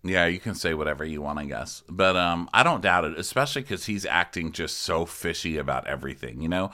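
A man's voice: low voice, fairly quick, pushed and bright. A man co-hosting a comedic TV recap podcast, telling the story wryly and laughing along. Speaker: podcast co-host.

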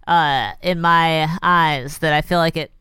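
Wry low woman with smooth voice. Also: fairly even intonation, unhurried, bright, forceful tone, no room sound. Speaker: podcast co-host. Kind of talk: casual chat.

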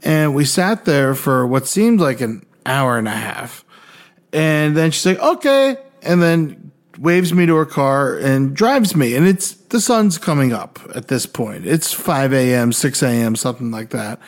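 A young man co-hosting a podcast, telling stories casually in an animated, profane way and acting out other people's voices. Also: mid-range voice, a little slow. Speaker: podcast co-host. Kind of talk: casual storytelling.

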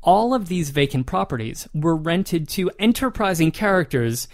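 A man with a somewhat high voice narrates a historical ghost story on a podcast. He talks in a relaxed, conversational way and reads old newspaper passages aloud. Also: normal speed. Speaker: podcast co-host.

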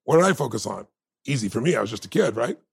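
A man's voice: medium pitch, very animated, fast, noisy background. A male podcast guest telling a personal story in an emphatic, motivational way, often asking rhetorical questions and answering them himself. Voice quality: gravelly, husky.

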